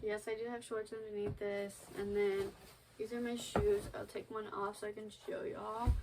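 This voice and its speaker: A woman's voice: medium pitch, little pitch movement, moderate pace, heavy background noise. A woman vlogging casually at home, rambling with lots of fillers as she moves around and sometimes steps away from the camera. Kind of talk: casual vlog chat. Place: at home by a Christmas tree.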